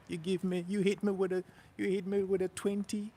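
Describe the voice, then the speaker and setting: A man vlogging as he walks outdoors through a city neighborhood, telling stories in a relaxed, chatty way with plenty of slang and repeated phrases. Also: high voice, fairly quick. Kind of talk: casual storytelling walk-and-talk. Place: outdoors on a city street, walking. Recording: street traffic noise behind.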